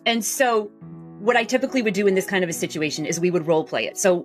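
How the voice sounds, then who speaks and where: A woman's voice: mid-range voice, animated, quick pace, soft background music. A woman guest on a podcast, a sales coach explaining her ideas in a confident, explanatory way. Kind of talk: interview answers.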